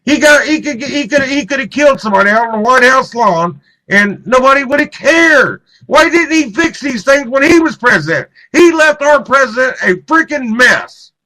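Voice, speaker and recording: A man's voice: very high-pitched, expressive, moderate pace, pushed and bright, rough recording. A man co-hosting live political talk radio, heated and repetitive, often turning to his co-host by name. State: clearing throat, choked up.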